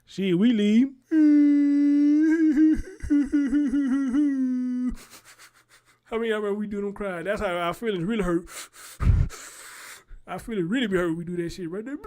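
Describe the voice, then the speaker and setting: A man's voice: sits high, darkish tone. A man, rambling in casual live-stream commentary and talking straight to his viewers. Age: 40s.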